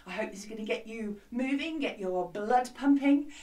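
A woman who is a music teacher, leading a lively children's music lesson from a hut, with a bright, encouraging, sing-song way of talking. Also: fairly high pitch, normal speed. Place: outdoor classroom hut. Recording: slightly distant mic with music behind.

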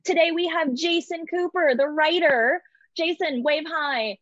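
A woman hosting a video chat interview, bubbly and quick to laugh. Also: high-pitched, fairly bright tone, dry recording, muffled recording. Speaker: interview host.

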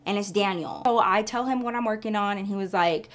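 A woman vlogger telling a story in casual, animated chat, often calling her listeners girl. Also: mid-range voice, fairly quick.

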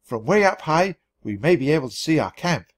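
A man voicing a squeaky, nervous mouse. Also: big pitch swings, a little fast. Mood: anxious. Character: timid fussy male mouse, easily scared.

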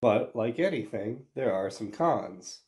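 A man's voice: fairly low pitch, expressive, a little slow, a little mellow. A man with a stuffy nose from a cold, talking in a nasal voice as he casually explains a job in his garage. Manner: folksy, hands-on explaining. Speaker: garage channel host. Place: home garage.

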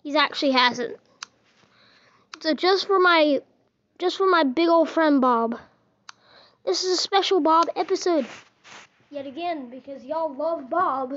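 A woman's voice: high-pitched, muffled recording. A woman giving casual, playful gameplay commentary, teasing and chatting to the characters in her game. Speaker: gaming video host.

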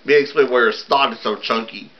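A man voicing a slow, drawn-out alien from another planet. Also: mid-range voice, muffled recording, natural voice. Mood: menacing.

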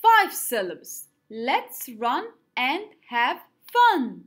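A fairly high-pitched woman teaching young pupils, clapping out syllables at a slow, deliberate pace. Her voice rises and falls in a lively sing-song. A little music plays faintly underneath.

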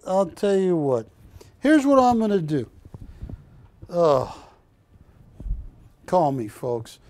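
Male shopping-channel host, slightly high voice, unhurried folksy joker with a hard sell. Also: very animated, a little mellow, no echo. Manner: folksy, joking, pushy salesman. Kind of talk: live TV sales pitch.

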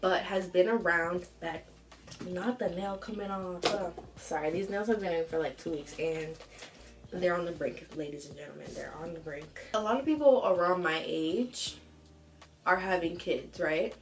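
A young woman hosting an advice show, reading a submitted story aloud and reacting to it with animated, profane commentary. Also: fairly low pitch, measured pace, rough recording. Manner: animated, swears freely, reacts loudly between read passages.

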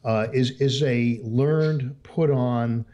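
A man's voice: mid-range voice, slow pace, warm tone. A man calling in to a chat show, hesitant and full of fillers. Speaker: caller. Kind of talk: casual call-in chat.

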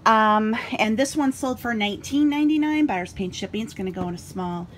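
A woman's voice: fairly high pitch, a little fast, slight background noise. A woman chatting casually in a vlog about her reseller sales, rambling a little and using fillers, recorded in a home basement. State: out of breath. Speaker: vlogger and eBay reseller.

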